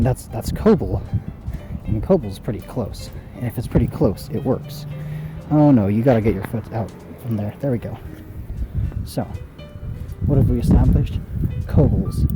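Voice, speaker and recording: A man's voice: medium pitch, rough recording. A man walking outdoors and rambling through a silly, meandering improvised monologue as a special guest. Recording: loud music playing over the voice.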